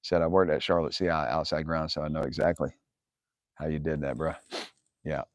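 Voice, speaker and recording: A man with a very deep, steady voice talks fairly quickly on a dry recording. He's hosting a live viewer Q&A, answering questions with blunt, profane stories, laughing often and angrily quoting himself.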